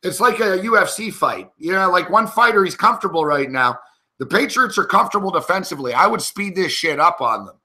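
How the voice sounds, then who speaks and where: A man reacts live to a football game, cursing at every bad play. His voice sits fairly high and sounds bright and edgy. His pitch jumps all over as his frustration builds. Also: lively intonation, a little fast. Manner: frustrated, profane ranting at the game. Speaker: sports betting analyst.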